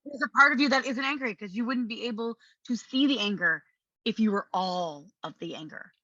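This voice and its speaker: A woman hosting a podcast, talking in an animated, emphatic coaching manner and laughing often. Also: a little high, fairly quick, no room sound, highs cut off. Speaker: podcast host. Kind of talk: conversational coaching talk.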